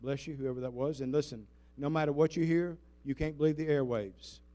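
Guy pastor preaching a sermon, kinda high voice, gets loud then quiet, keeps the crowd talking back. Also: a little fast. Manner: animated preacher, leads congregation call-and-response; dramatic swings in loudness, shifting between emphatic and hushed. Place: church sanctuary before a congregation.

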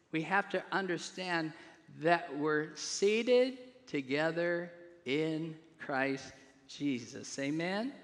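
A male pastor preaching a sermon, putting questions to the congregation and swelling louder on key phrases. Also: a little high. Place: church sanctuary. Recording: long hall reverb.

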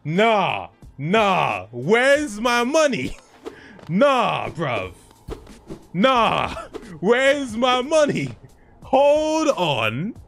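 A man voicing a pushy young street tough who loudly demands his money in slang. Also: sing-song, drawn-out words, soft background music, heavily acted. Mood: demanding. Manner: high, loud, drawled slang.

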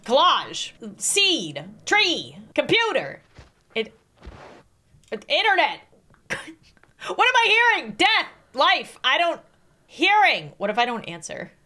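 A woman's voice: high-pitched, wildly swooping pitch, slow, long pauses, sharp tone. A young woman reacting aloud to a creepy quiz game, reading the questions out and laughing nervously. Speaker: gaming YouTuber.

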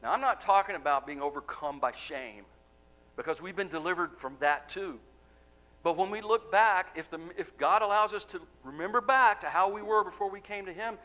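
A man preaching a sermon as pastor, asking the congregation rhetorical questions and letting key words fall soft. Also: on the high side, rough recording. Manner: emphatic, rhetorical questions, drops to soft endings.

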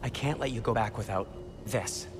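A man's voice: fairly low pitch, normal speed, very noisy, close to an everyday voice. An actor playing an anxious male dwarf smith in a video game, giving earnest, careful instructions.

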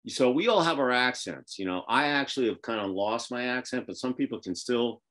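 A man's voice: medium pitch, animated, brisk, fairly bright tone. A man from the Northeastern United States hosting a casual video call show, rambling in a folksy way with lots of fillers. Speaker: podcast host.

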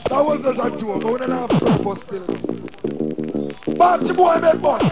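A man with a Jamaican accent, MCing a live sound clash with shouted, half-sung patois toasts. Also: very high-pitched, vocal fry. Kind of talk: hyped live MC chat and toasting. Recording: dull lo-fi live recording over loud music. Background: very loud dancehall music.

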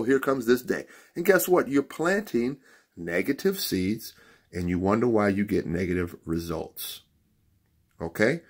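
A man's voice: lowish voice, slightly rough. A man hosting a show, giving a motivational Bible lesson in a preachy way and repeating key lines for emphasis. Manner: rising to loud emphatic peaks. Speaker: bookstore owner and show host.

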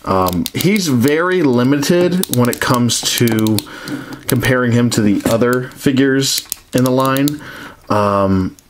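A man's voice: medium pitch, animated, slow, slight background noise. A man casually reviewing action figures, rambling with many restarts and frank complaints.

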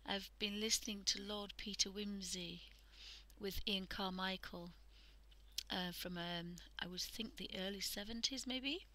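While drawing on her livestream, this UK art host talks softly and chattily, frequently dropping to a half-whisper and using fillers. She has a mid-range, steady voice and an unhurried delivery, though the audio quality is poor.

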